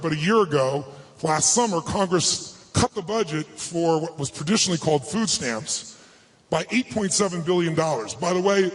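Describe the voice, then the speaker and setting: A man giving a live motivational talk to an audience, telling a personal story in an emphatic, earnest way. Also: on the high side. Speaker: motivational speaker.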